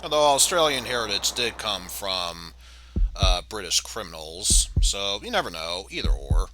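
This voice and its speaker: A man's voice: fairly low pitch, big pitch swings, normal speed, slight background noise. Offhand man streaming a game. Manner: dry, offhand asides. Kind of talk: casual game playthrough commentary. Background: loud game music.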